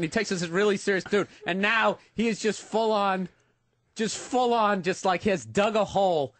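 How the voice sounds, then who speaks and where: A man with a Boston accent tells a comedy-club story in a loud, profane, laughing rush. His voice sits high for a man. The studio sound is dry and close. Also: normal speed, dry recording. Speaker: guest co-host, comedian. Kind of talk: animated storytelling on radio.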